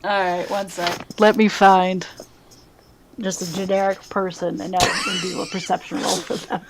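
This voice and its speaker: A woman narrating as game master of a tabletop role-playing game, giggly and lively. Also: mid-range voice, normal speed, noisy background.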